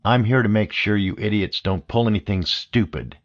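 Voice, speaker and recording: A man's voice: lowish voice, moderate pace, highs cut off, lightly acted. A man reading a hardened young woman in an audiobook, with a curt, icy delivery. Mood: cold.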